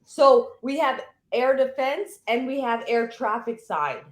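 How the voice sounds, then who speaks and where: A woman's voice: a little high, expressive, slow pace. A woman co-hosting a veterans' podcast, chatting and explaining with many restarts. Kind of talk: casual conversation. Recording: roomy echo.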